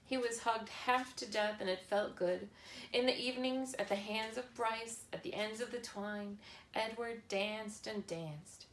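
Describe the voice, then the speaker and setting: A woman narrating a children's novel chapter in a slow, measured reading style. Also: on the high side, slight background noise. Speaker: audiobook narrator. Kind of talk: scripted narration. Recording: echoey room with faint ambience.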